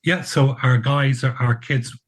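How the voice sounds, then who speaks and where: A man's voice: mid-range voice, fairly even intonation, a little slow, breathy edge, poor audio. A man in his sixties with an Irish accent, telling stories as a podcast guest with dry humour. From Ireland. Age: 60s. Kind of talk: casual podcast chat.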